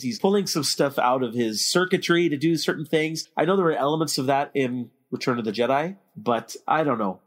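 Guy hosting a film podcast, opinionated, keeps the chat moving, middle pitch. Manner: opinionated, leads the discussion with questions. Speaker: podcast host. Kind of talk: casual movie discussion.

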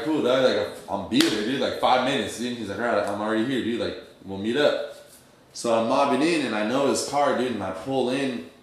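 Slangy young man in an echoey room. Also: on the low side. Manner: streetwise slang-heavy storytelling, acts out quoted dialogue. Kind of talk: casual storytelling.

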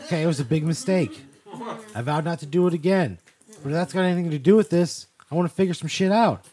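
A man's voice: on the high side, fast talker, mellow, breathy edge. A man protesting and swearing in exasperation during improvised comedy banter. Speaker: podcast co-host.

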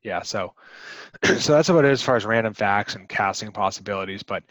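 A man's voice: fairly low pitch, brisk, a bit bright, no room sound, low-quality recording. A man co-hosting a podcast, talking through a movie in a casual, rambling way with plenty of fillers. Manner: rambling, chatty with many fillers. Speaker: podcast co-host.

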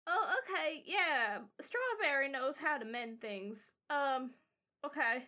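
A woman's voice: sits high, animated, takes it slowly, bright, forceful tone, voice pushed up, exaggerated voice. A woman doing a stammering eager little boy.

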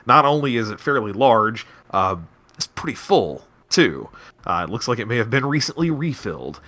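Bright-voiced male game master. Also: medium pitch, sing-song, normal speed. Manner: loose, descriptive scene-setting. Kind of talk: narrating a tabletop game.

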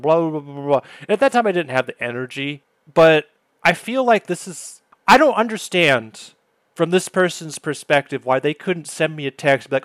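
A man's voice: a little high, animated, moderate pace, fairly bright tone, no room sound. A man hosting a podcast, telling a story in a casual, exasperated way. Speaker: podcast host.

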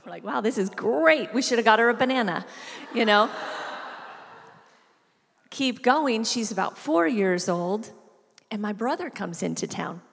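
A woman's voice: fairly high pitch, measured pace, vocal fry, pauses often. A woman giving a sermon, telling a family story and acting out the voices in it. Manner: storytelling, acts out voices with animated shifts. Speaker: preacher. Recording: reverberant hall.

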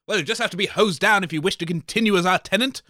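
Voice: mid-range voice, quick pace, pushed and bright, dry recording, studio quality, close to an everyday voice. A performer voicing a pompous, bossy radio co-host in a comedy audio sketch, imperious and rude.

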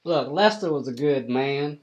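A man voicing a crude, gossipy old farmer with a put-on Southern hillbilly drawl, loud and folksy, for a tabletop game. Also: a little high, animated, a little slow, dull audio, slight background noise. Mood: rambling.

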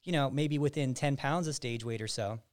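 A man's voice: mid-range voice, normal speed. Man explaining coaching plans at length. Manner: explains at length with frequent restarts. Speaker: physique coach and podcast host. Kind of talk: casual podcast chat.

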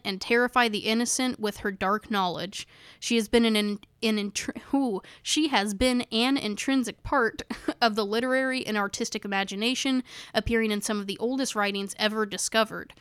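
A woman's voice: on the high side, a bit bright, clear, resonant tone, no room sound. A woman co-hosting a podcast in easy, rambling chat, now and then reading aloud from her notes. She trips over tricky words and laughs them off. Her voice is dry and close, with no room sound. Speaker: podcast co-host.

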